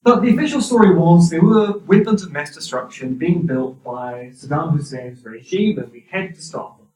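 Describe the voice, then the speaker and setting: A New Zealand-accented man lectures at a university with a wry, dry sense of humor, his voice on the high side, expressive, darkish, and at normal speed. The lecture-hall recording sounds roomy, with the mic at a distance.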